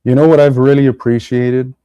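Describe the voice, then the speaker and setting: A man co-hosting a political podcast, speaking bluntly and swearing casually in relaxed chat. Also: medium pitch, a little fast, clean tone, no echo, dull audio. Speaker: podcast co-host.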